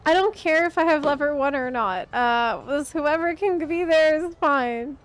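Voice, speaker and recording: A woman's voice: high-pitched, measured pace, faint music behind. A woman streamer chatting casually with teammates while gaming, playful and giggly. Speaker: game streamer.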